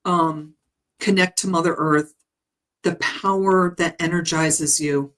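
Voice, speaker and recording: A woman reading out a spiritual healing message, her voice sitting low for a woman. She speaks slowly and gently, pausing often and filling the gaps with soft ums. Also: steady tone, rough recording. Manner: gentle, halting, with frequent ums and soft laughs. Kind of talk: guided meditation message reading. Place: home live stream.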